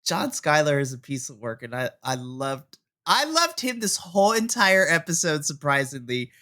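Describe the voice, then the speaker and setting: Bright-voiced podcaster recapping animatedly. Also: mid-range voice, normal speed. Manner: animated play-by-play recap, laughing often. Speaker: podcast co-host. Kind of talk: casual wrestling review chat.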